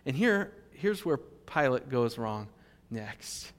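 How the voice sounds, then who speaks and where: A male pastor preaching a sermon in an animated, emphatic way. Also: mid-range voice, slow pace. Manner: animated, emphatic, with fillers and restarts. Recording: long hall reverb.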